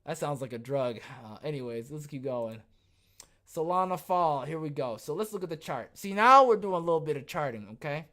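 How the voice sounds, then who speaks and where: During a live show, a podcast host with a medium-pitched voice riffs sarcastically on the news, animated and quick to laugh, in a news-commentary chat.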